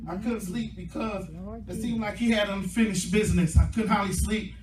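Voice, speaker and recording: A male pastor preaching a sermon, his delivery swelling into impassioned shouting as the congregation answers him. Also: sits high, fairly even intonation, moderate pace, a crowd in the background. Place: church sanctuary. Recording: echoey church room from a distance with faint music.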